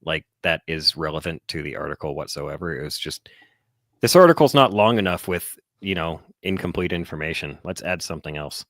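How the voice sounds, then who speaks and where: A man co-hosting a casual podcast, animated and quick to laugh, acting out the people in his stories. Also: a bass voice, no echo, clean studio sound. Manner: animated storyteller, laughs often, acts out voices. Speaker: podcast co-host.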